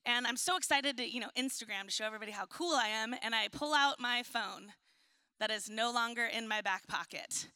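A woman pastor delivers a sermon in a high, bright voice. The sound is close and dry. She tells stories with humor and reads scripture in a soft, slow tone. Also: smooth, no room sound. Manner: storytelling with laughs and acted-out quotes; reads scripture softly and slowly.

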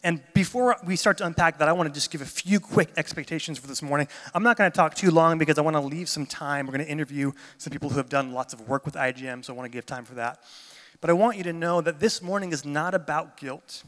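The recording carries a large hall's long reverb as a pastor talks fast in a fairly high, slightly bright voice. Chatty and enthusiastic, he tells stories during a casual sermon at a church gathering, sounding a little jet lagged.

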